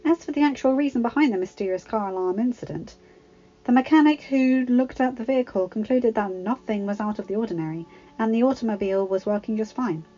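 A woman's voice: a little high, a little fast. Woman narrating a story, slightly muffled. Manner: steady, plain storytelling. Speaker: fanfiction reader. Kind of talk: audiobook narration. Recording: slightly dull home recording.

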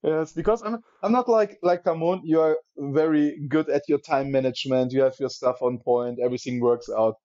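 Halting man from Iran, lo-fi sound. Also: fairly high pitch, steady tone, dark tone, no echo. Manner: halting, repeats words while searching for them. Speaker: podcast guest. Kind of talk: casual podcast chat.

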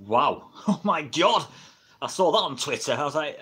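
A man's voice: medium pitch, animated, normal speed, fairly bright tone, breathy edge. A middle-aged man with an English accent, chatting casually on a livestream, rambling and laughing often, recorded on a built-in camera mic at home. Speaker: wrestling livestreamer. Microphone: built-in camera mic, no microphone.

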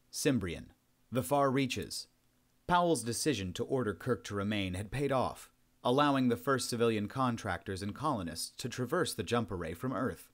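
Low-voiced man narrating a sci-fi story.

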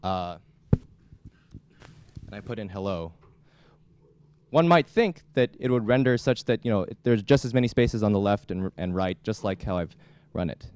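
A young man giving a classroom lecture as a student instructor, talking in a halting way with many restarts. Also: on the low side, lively intonation, darkish tone, clean tone, dry recording. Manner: halting, frequent restarts and fillers. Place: lecture hall.

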